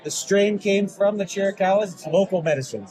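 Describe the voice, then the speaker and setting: Brief: high-pitched man, relaxed vendor chat, loud crowd chatter behind. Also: brisk. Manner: relaxed, listing things with fillers. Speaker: mushroom farmer vendor. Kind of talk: casual interview. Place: outdoor expo booth.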